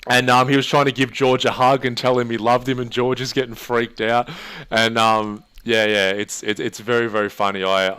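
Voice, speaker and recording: A man's voice: mid-range voice, normal speed, few pauses, clean tone. A man, a therapist co-hosting a podcast, chatting casually and retelling stories with energy. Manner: chatty storyteller, animated retelling. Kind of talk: casual chat.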